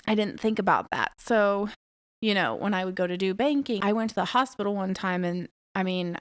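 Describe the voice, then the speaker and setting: A woman's voice: mid-range voice, smooth, no echo. A woman in her thirties hosting a podcast alone, talking frankly and bluntly and swearing freely. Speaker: podcast host. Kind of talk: casual monologue podcast.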